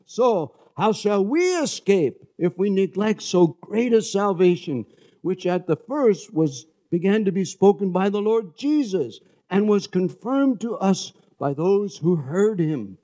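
A man from New York City preaches a sermon in a high but mellow voice. He talks in a loose, conversational way and keeps asking his listeners for an amen. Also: expressive, a little slow. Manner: conversational, asks the congregation "amen?".

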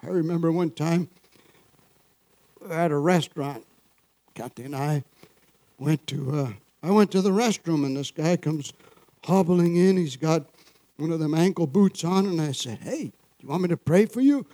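A man's voice: on the high side, a little slow, pauses often, dark tone, no room sound. Dry-toned man preaching a sermon. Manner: call-and-response, frequent "Amen?" and chuckles. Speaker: pastor.

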